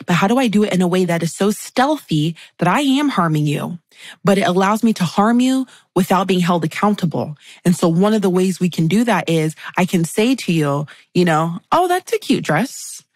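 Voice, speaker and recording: A woman guest on a podcast, explaining friendship dynamics in a lively conversational way and acting out quoted remarks. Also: on the low side, dry recording. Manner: animated, acts out catty quotes.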